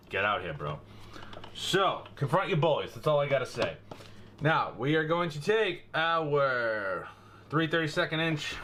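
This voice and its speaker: A man's voice: mid-range voice, sharp tone, a little hiss or hum. A young man with a Boston accent hosting a casual gun-maintenance how-to, chatty and jokey, calling his viewers guys and bro. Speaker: gun channel host.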